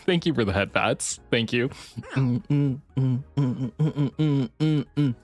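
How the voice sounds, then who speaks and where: A woman chatting casually with viewers on a livestream, swinging between squealing excitement and low mumbles, swearing now and then. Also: a little slow, dry recording, faint music behind.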